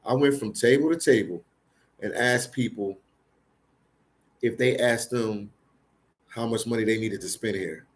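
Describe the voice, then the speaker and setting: A man with a mid-range voice hosts a livestream, speaking a little slowly with long pauses. Hailing from Philadelphia, he tells casual stories live, repeating phrases and emphasizing his points.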